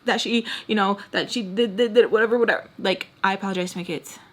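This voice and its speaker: A woman's voice: mid-range voice, fairly even intonation, fast talker. A young adult woman telling a storytime on camera while doing her makeup, rambling and venting emotionally straight to her viewers. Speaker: storytime vlogger.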